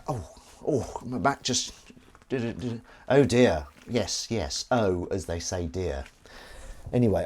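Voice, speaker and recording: Man, lowish voice, very lively intonation, playful rambling live-stream chat. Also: noisy background. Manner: chatty, playful, rambling with silly asides. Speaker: streamer host.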